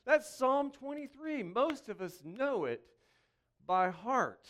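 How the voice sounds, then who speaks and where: A male pastor preaching a conversational sermon, moving between joking asides and slow, quiet reflection, repeating key phrases slowly for emphasis. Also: very high-pitched, sing-song.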